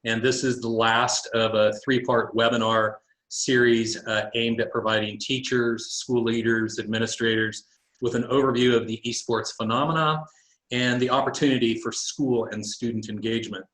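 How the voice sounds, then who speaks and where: A man's voice: mid-range voice, steady tone, fairly bright tone. A man presenting a webinar, speaking earnestly with some fillers over a video call. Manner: earnest, thankful, measured with fillers. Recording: roomy video call audio.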